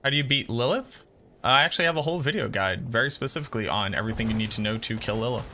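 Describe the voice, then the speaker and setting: A man's voice: medium pitch, animated, very fast, bright, forceful tone, a little hiss or hum. A man in his thirties with a Boston accent, chatting bluntly and profanely with viewers during a game stream. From Boston area, USA. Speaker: gaming streamer. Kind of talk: casual livestream chat with viewers. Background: game music.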